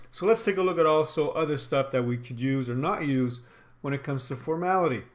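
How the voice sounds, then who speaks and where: A man teaching retail sales, talking in an instructional, emphatic way and acting out sample phrases. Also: medium pitch. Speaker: sales trainer. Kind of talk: instructional talk.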